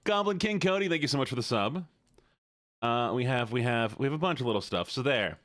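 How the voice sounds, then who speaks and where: A man's voice: medium pitch, animated, a little fast, fairly bright tone, no echo, studio quality. A man streaming live, chatting casually and playfully with viewers, teasing them and greeting each one by name.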